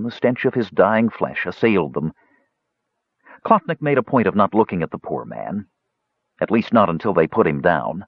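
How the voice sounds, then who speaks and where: A man narrating a fantasy audiobook in a measured, expressive reading. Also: fairly low pitch, slightly rough, no room sound. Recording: dull lo-fi dry recording.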